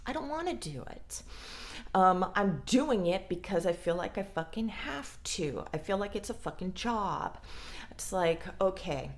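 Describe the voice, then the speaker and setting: Blunt, slow-talking woman vlogger. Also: on the low side, expressive. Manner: blunt, swears freely, frank. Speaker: mental health vlogger. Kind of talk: casual talk to camera.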